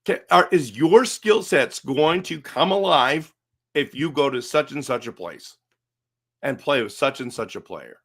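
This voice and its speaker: A middle-aged man talking casually on his own live stream about hockey, animated and rambling, full of restarts and rhetorical questions. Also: mid-range voice, measured pace. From Canada. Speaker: hockey fan commentator.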